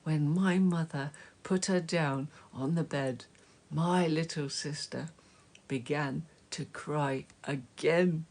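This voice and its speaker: Woman reading a kids' story real slow, husky and a bit gravelly, soft and gentle. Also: deep voice. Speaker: storybook reader. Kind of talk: reading a children's story aloud.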